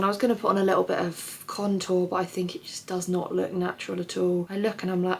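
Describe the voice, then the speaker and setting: A young woman chats straight to a handheld camera, candid, swearing freely and darting off into quick asides. Her voice sits at a middle pitch, and faint noise hums behind her. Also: fairly even intonation, creaky. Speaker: vlogger. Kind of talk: casual chat to camera. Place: at home, then outdoors.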